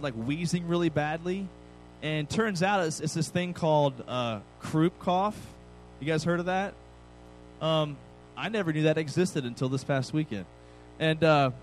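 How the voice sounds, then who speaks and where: A man's voice: on the high side, low-quality recording. A man in his thirties giving a casual, conversational sermon with self-deprecating humor. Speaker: pastor. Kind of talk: sermon with personal story.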